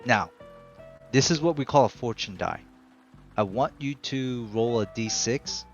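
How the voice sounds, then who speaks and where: A man's voice: mid-range voice, a little slow, dull audio, faint music behind. A man narrating a tabletop game as game master, hesitant with fillers and often laughing.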